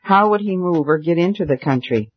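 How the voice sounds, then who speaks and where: A man reading a novel aloud in a steady, earnest manner. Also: on the high side, fairly quick, slightly rough, no echo. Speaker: audiobook narrator. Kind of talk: scripted narration. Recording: dull dry recording.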